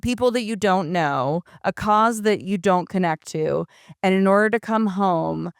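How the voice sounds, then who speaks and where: A woman's voice: medium pitch, a little slow, vocal fry, no echo, studio quality. A woman co-hosting a podcast in casual chat, thinking aloud with lots of "like"s. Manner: chatty, thinks aloud with many "like"s. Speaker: podcast co-host.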